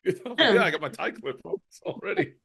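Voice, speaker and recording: A man's voice: high-pitched, huge pitch swings, quick pace, creaky, pushed and bright, breathy edge. A man co-hosting a casual podcast chat, joking and slipping into mock voices. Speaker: podcast co-host.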